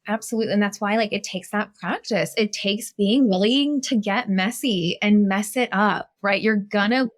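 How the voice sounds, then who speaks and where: A woman therapist appearing as a guest, speaking in a warm, affirming and animated way. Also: medium pitch, moderate pace, few pauses. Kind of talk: casual conversation.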